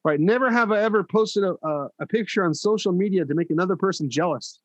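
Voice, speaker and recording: Fast-talking high-voiced host. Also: male voice, dry recording. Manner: quick, prompting questions. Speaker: podcast host. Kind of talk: casual chat.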